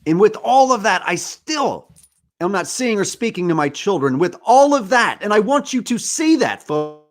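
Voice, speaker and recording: Fired-up guy in his 40s ranting on his podcast, pretty high voice, lots of swearing. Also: big pitch swings, normal speed. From United States. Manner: angry, profane ranting. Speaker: podcast host. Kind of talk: impassioned monologue.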